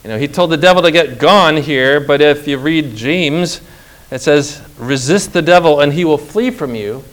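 A middle-aged man preaching a sermon, emphatic and slow, with dramatic pauses and rhetorical questions. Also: on the high side.

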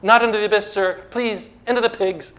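A preacher voicing a horde of demons, whining and pleading. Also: male voice, high-pitched, fairly even intonation, brisk, a bit bright, voice pushed up. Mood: begging. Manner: pleading, wheedling.

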